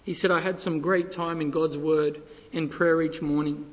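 Man, preacher, impassioned sermon, high voice, long hall reverb. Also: fairly even intonation, moderate pace, muffled recording. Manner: impassioned, swings from hushed to loud.

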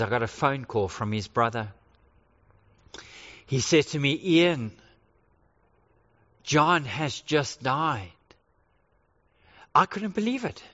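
A middle-aged male pastor preaching a sermon, emphatic and slowing down to stress key phrases. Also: high voice, pushed and bright. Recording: reverberant hall, dull lo-fi sound.

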